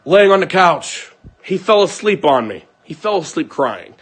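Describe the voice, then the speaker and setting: A man's voice: sits high, very animated, unhurried, a bit bright, husky. A young man angrily telling his viewers about a fight at home, swearing and acting out what everyone said. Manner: heated, profane, acts out quoted lines. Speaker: vlogger. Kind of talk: angry personal account to viewers.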